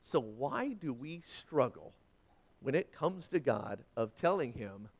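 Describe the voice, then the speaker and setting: A man preaching a sermon with folksy asides, swinging dramatically from loud emphasis down to a hushed near-whisper. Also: mid-range voice, big pitch swings, takes it slowly. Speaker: pastor.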